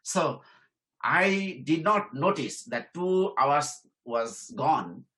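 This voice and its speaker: A man's voice: fairly high pitch, expressive, very slow, bright, forceful tone, poor audio. A middle-aged man giving an informal career lesson, repeating his points and checking in with "okay?". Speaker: career trainer and professor. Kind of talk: informal teaching talk.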